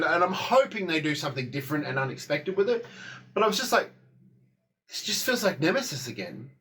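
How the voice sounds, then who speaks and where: A man's voice: mid-range voice, a bit bright. A man giving a casual spoken review of a TV episode, rambling, with many fillers and restarts.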